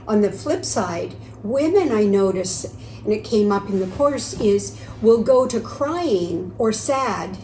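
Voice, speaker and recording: A woman's voice: medium pitch, mellow, roomy sound, slight background noise, rough recording. A woman in casual conversation, speaking reflectively and earnestly and often chiming in with agreement.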